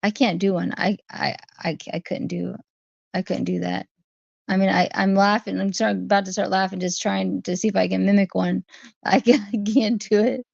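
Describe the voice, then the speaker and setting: A woman's voice: medium pitch, little pitch movement, normal speed, gravelly, no echo. A woman hosting a casual livestream, talking through her viewers' chat comments one by one. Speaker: livestream host. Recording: dry, dull lo-fi stream audio.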